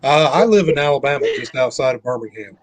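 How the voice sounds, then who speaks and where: A man's voice: mid-range voice, expressive, fast talker, no echo. A man in his fifties with a mild, shifting Southern US accent, chatting in an easygoing, rambling way as a truck driver guest on a live stream. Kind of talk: casual live-stream chat.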